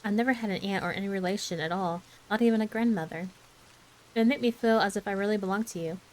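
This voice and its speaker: A woman voicing an eager, dreamy orphan girl who pleads and gushes, in a soft ASMR bedtime story reading. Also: mid-range voice, fast, lightly acted, poor audio. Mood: gushing. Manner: breathless, pleading, gushing.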